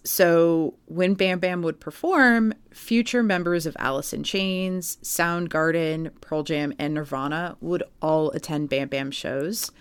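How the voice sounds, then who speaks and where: A woman with a notably low voice tells a story on a podcast in a relaxed, chatty way, full of "like" and "um". The sound is close and dry, with no room around it. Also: clean tone, dry recording. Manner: chatty storytelling with many fillers. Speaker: podcast co-host. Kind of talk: casual podcast chat.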